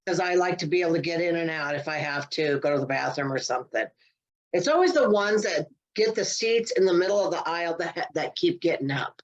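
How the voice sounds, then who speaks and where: A woman's voice: lowish voice, animated, brisk, muffled recording. A woman co-hosting a podcast, chatting casually and exclaiming as she reacts. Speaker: podcast co-host. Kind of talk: casual chat.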